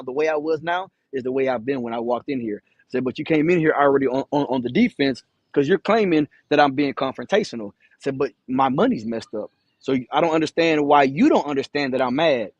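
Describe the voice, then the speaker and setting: Man, trucker vlogger; rambling, profane storyteller who stutters; slightly high voice, dry close sound. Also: dry recording, highs cut off. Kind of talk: casual storytelling to camera. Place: in his truck.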